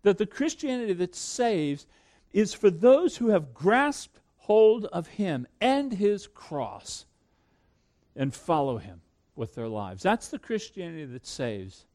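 A man preaching a sermon to a congregation, swinging between loud emphatic peaks and hushed low asides. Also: very animated, slow pace. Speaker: pastor.

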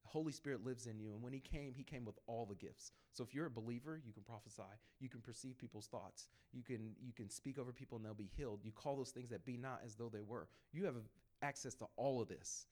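Man, church testimony speaker, animated storyteller who plays every voice. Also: mid-range voice, quick pace, few pauses. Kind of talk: conversational testimony to a group.

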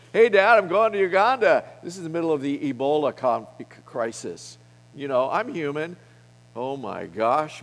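A middle-aged man preaches boldly to a gathering of men, pressing his points with emphasis and letting his volume surge and drop. His voice sits a little high for a man. Long reverb from the hall trails after his words. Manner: bold, emphatic preaching with wide swings in loudness. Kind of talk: sermon.

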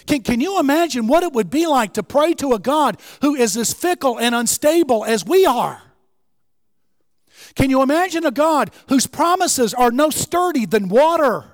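A pastor preaching a sermon in a church, impassioned and rising to shouts, then leading a closing prayer. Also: male voice, extremely high pitch, expressive, normal speed, dry recording, clean studio sound, long reverb tail. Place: church sanctuary.

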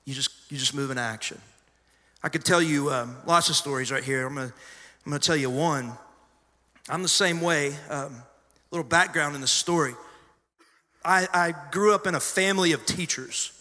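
High-pitched, sharp-voiced preacher man. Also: normal speed, long pauses. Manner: conversational storytelling with sudden loud emphasis. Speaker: pastor. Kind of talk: sermon. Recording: long hall reverb.

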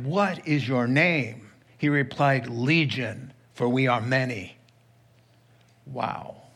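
Slow-speaking man preaching a sermon. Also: on the high side, fairly bright tone. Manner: storytelling, reads scripture with asides. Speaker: pastor.

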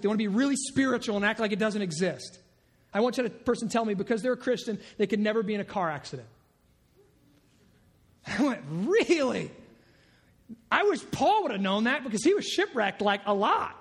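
A pastor preaching a sermon with animated energy, often dropping to low, muttered asides and rhetorical questions to the congregation. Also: male voice.

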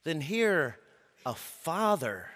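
A male preacher delivers a sermon at a slow, deliberate pace, his slightly high voice ringing with the long reverb of a large hall. He is emphatic and builds his points, then sinks to a hushed intensity. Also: sing-song.

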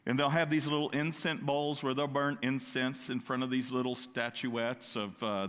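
A man preaching a sermon, animated, slipping into loud, high-pitched outbursts when he acts out what people say. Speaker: pastor. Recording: long hall reverb.

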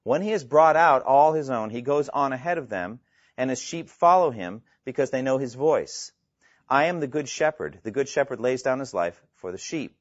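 A man's voice: medium pitch, lively intonation, moderate pace, no echo. A man giving a classroom theology lecture in an earnest, emphatic way, often asking his listeners rhetorical questions. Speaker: theology teacher. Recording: dull lo-fi, dry sound.

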